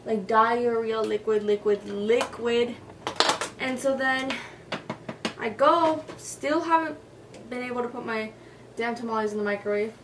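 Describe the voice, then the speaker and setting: A woman's voice: fairly high pitch, unhurried, long pauses, far from the mic. A young woman beauty vlogger telling a story while doing her makeup, chatty and profane, full of "like" and "y'all". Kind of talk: casual storytelling during a makeup tutorial. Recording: voice a little off-mic with faint noise.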